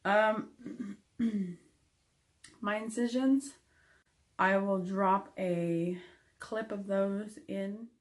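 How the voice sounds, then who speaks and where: Slow-talking candid woman vlogger. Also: medium pitch, fairly even intonation. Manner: candid, frank, with frequent ums. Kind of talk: casual recovery update to camera.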